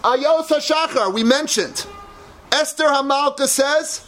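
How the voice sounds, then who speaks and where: A man giving a dramatic, impassioned Torah lecture that at times rises to shouting. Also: very high voice, expressive, normal speed.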